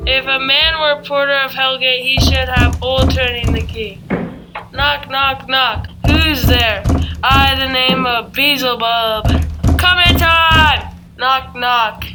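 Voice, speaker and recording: A drunken, joking gatekeeper, played by a woman in a school play who drawls his comic monologue very slowly. The voice sits high, and loud music plays behind it.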